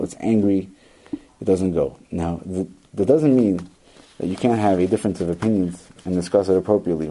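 Man, dark mellow voice, lowish pitch, earnest parenting lesson, emphatic repetition. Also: poor audio. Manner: earnest, emphatic, repeats words for stress; acts out quoted parent and child lines. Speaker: parenting educator. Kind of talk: instructional talk to parents.

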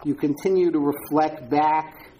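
A woman's voice: low-pitched, fairly even intonation, unhurried, mellow, low-quality recording. A woman giving an informal talk and answering audience questions, speaking conversationally with repeated words and frequent ums as she tells stories. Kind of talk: informal lecture with Q&A.

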